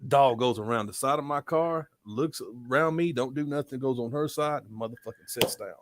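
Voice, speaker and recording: A man's voice: mid-range voice, a little fast. A young adult man telling a story in casual, profane podcast chat. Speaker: podcast host.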